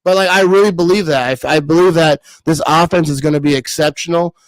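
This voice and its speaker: Man, thirties, live-stream host, rambling, laughs a lot, slightly high voice, dry sound. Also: fairly even intonation, fairly quick, no room sound, low-quality recording. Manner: rambling, laughs often, repeats words. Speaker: livestream host reading comments. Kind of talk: casual live-stream chat.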